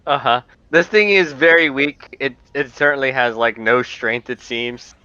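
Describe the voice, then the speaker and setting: Man, dungeon master, bright crisp voice, halting narration, dry lo-fi mic. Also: mid-range voice, no room sound. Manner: loose, halting narration with fillers. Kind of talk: narrating a tabletop game online.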